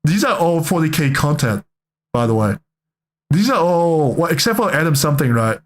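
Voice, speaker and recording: A man's voice: a little high, big pitch swings, moderate pace. A young man giving casual reaction commentary, rambling and joking, often correcting himself mid-sentence. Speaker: reaction streamer.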